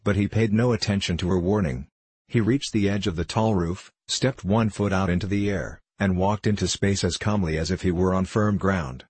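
A man reading a children's storybook aloud in a steady, even voice. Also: low-pitched, moderate pace, breathy edge, no room sound. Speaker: audiobook narrator. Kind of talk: storybook narration.

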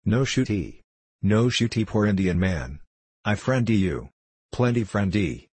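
Male reader voicing a calm woodsman: clipped broken English, low husky tone. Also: unhurried, no echo.

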